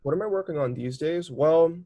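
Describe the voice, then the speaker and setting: A man's voice: a little high, a little fast. A young man in his twenties, a documentary filmmaker, talking casually in an interview with many "like" fillers. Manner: chatty, lots of "like" fillers, animated storytelling.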